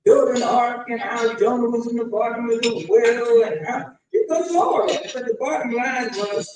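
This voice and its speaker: A man delivering a sermon, addressing his congregation and building to shouted emphasis. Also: very high-pitched, moderate pace, background noise. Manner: preaching with rising shouted emphasis. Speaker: imam. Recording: echoey hall, mic from far off.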